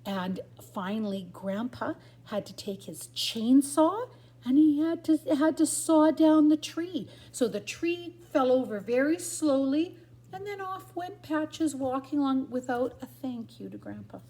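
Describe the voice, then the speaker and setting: An older grandmother reading a picture book aloud to her grandchildren in a lively sing-song manner. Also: high-pitched, unhurried. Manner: sing-song, lively storyteller, barks and yips for the dogs. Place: at home. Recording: roomy echo.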